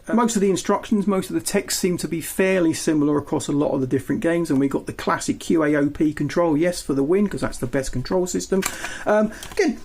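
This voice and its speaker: A man's voice: fairly high pitch, vocal fry, a little mellow. A man chatting casually as he shows off items from his retro game collection, with lots of ums and asides. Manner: chatty, rambling, filler-heavy. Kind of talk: show-and-tell of collection.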